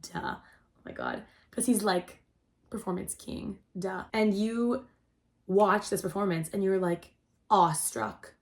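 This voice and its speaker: A young adult woman hosting a casual storytelling chat, rambling and excitable, saying "like" constantly. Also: medium pitch, slow pace. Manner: rambling and excitable, heavy use of "like". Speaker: host.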